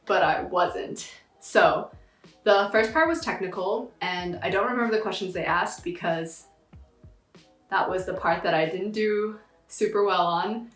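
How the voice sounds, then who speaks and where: A young woman in a casual vlog, telling a story in a chatty, slangy, animated way. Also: mid-range voice, moderate pace, echoey room, soft background music. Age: young adult. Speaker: vlogger.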